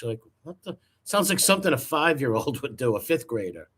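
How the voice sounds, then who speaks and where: A man riffs in mocking, profane reaction commentary. His voice is bright and tense, and he sounds openly incredulous. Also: medium pitch, sing-song, fairly quick, husky. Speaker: commentary host.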